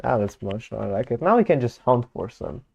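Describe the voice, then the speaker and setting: A man's voice: mid-range voice, very animated, fairly quick, gravelly, darkish tone, breathy edge, highs cut off. A man talking casually as he works through his own constructed language, thinking aloud with fillers and self-corrections. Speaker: conlang creator. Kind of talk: casual screen-recorded commentary.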